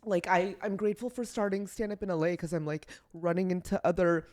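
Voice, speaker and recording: Her voice lowish and darkish, with fairly even intonation and a slightly quick pace, a woman comedian rambles as a podcast guest. She's tearful, self-deprecating, and peppers the casual chat with "like."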